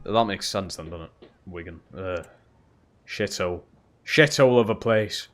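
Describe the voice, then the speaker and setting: A man's voice: sits low, a little slow. A young man live-streaming a football game, swearing freely and chatting back to his viewers. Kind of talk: casual live-stream chat while gaming.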